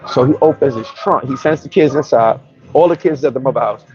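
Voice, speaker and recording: A man telling a story in a casual, animated, slangy way and often restarting his sentences. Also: mid-range voice, fairly quick, highs cut off, faint music behind. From New York. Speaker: vlogger.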